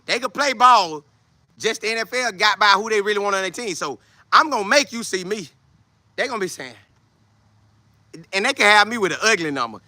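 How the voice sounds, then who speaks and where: A man in his twenties, hosting a casual football show, talking loudly and boastfully with lots of energy. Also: high-pitched, brisk, long pauses, dry recording. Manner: loud, trash-talking, animated. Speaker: show host, football player. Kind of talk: casual livestream chat.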